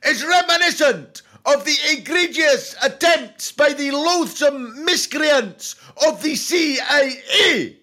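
A man's voice: extremely high pitch, pushed and bright, pitched above the performer's own voice, full character voice. A man voicing a pompous, grandiloquent male dictator who rants theatrically.

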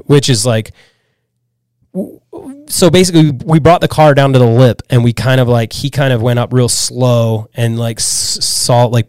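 A man's voice: mid-range voice, dry recording. A man from Pennsylvania tells a wild story as a podcast guest in easy, rambling speech. He fills it with "like"s, restarts and acted-out quotes, in a mid-range voice recorded close and dry. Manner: animated storyteller, many "like"s and restarts. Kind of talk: casual storytelling chat.

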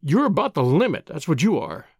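A man's voice: on the high side, sing-song, a little fast, husky, no echo, studio quality, exaggerated voice. A man reading an audiobook, voicing a bullying middle-aged businessman who snarls out his suspicious questions. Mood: grudging. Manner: snarling, forceful, impatient.

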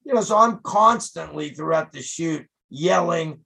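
An older man, a rock photographer, telling stories in an interview, animated and profane, loudly acting out what he said to musicians. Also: fairly high pitch, measured pace, creaky, breathy edge, low-quality recording. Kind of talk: casual storytelling interview.

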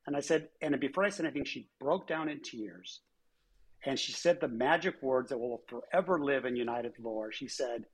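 Guy with a kinda raspy voice telling work stories, doing little voices for people he quotes, chatty interview. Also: medium pitch, fairly quick. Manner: anecdotal, acts out quoted dialogue. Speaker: former airline chief executive, guest. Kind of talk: conversational storytelling interview.

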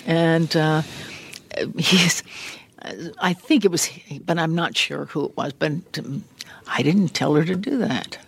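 With a low-pitched, creaky, slightly rough voice at a measured pace, an older woman sits as a guest in a big studio room. Her storytelling in this relaxed interview is animated, full of laughter and reenacted remembered lines, and her voice sounds a bit worn.

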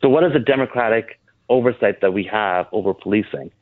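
Man, guest on a call-in, low voice, earnest and halting, tinny phone line. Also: no room sound. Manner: halting, earnest, many restarts. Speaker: guest, board member of an advocacy group. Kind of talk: phone-in interview.

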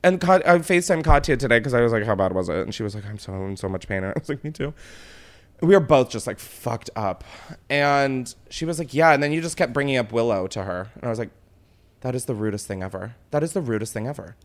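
Animated young man telling a story. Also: medium pitch, quick pace. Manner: animated, swearing, dramatic retelling with put-on quotes. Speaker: podcast host. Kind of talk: casual storytelling chat.

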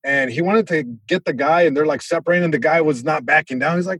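A young adult man, a comedian, telling a story in casual chat, animated and acting out other people in loud bursts. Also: fairly high pitch, moderate pace. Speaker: comedian guest.

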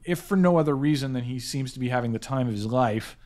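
A man hosting a casual panel chat about films, talking quickly and excitedly with many fillers and restarts. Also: mid-range voice. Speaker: podcast host, editor-in-chief.

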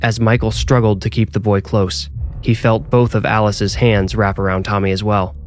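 A man reading a scripted horror story in a measured, suspenseful way. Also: on the low side, flat delivery, faint music behind. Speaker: narrator and author.

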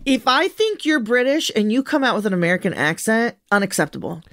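A woman's voice: a little high, very animated, fairly quick, fairly bright tone. A woman talking casually in a group chat, laughing often and filling her talk with "like". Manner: laughs often, says "like" a lot.

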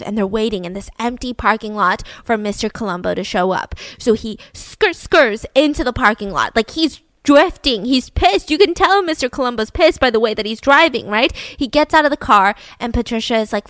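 A woman's voice: fairly high pitch, expressive, moderate pace, a bit bright, no echo. A woman hosting a podcast, telling a true-crime story casually with chatty, conversational asides. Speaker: podcast host.

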